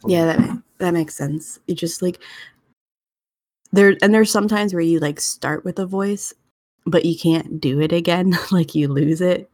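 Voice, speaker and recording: Chatty low-voiced young woman. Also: measured pace, a little mellow, dry recording, studio quality. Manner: chatty, rambling with many fillers. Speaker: tabletop game master. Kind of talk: casual podcast chat.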